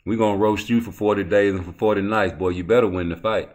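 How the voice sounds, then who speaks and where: Profane animated man ranting about boxing. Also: on the low side, quick pace. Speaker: boxing commentary vlogger. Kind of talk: casual ranting commentary.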